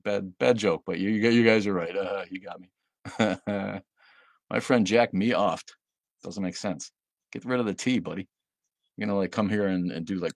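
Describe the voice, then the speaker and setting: A man's voice: on the low side, fairly bright tone, dry recording, clean studio sound. A man hosting a casual livestream, reading viewer comments aloud and answering them bluntly and sardonically, with frequent fillers and laughs. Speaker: livestream host.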